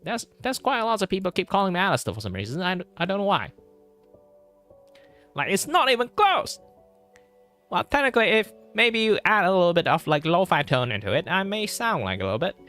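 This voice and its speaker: A vintage radio ad announcer, all brassy salesmanship, as a man puts him on. The pitch leaps up and down wildly, and the tone is bright and cutting. Faint music sits behind him. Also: very animated, brisk, exaggerated voice. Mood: showy. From Malaysia. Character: old-time male radio commercial announcer. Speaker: streamer.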